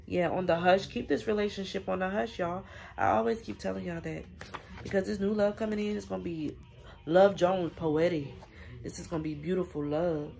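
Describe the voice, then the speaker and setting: A woman's voice: lowish voice, steady tone, normal speed, vocal fry, a little mellow. A woman giving a casual spiritual reading, chatty and affirming, speaking straight to her viewers. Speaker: tarot reader.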